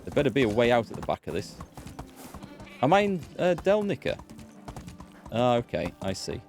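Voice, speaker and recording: A man's voice: mid-range voice, wildly swooping pitch, normal speed, a little mellow, soft background music. A British man streaming a game, chatting casually, answering his chat and laughing easily. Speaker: let's play gamer and streamer. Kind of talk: casual live-stream commentary.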